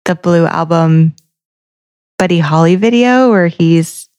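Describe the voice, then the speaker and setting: Woman, lower voice, casual podcast chat, thinking aloud, explaining lyrics. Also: slow pace, darkish tone, clear, resonant tone. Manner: talks through song lyrics line by line, thinking aloud. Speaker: podcast co-host.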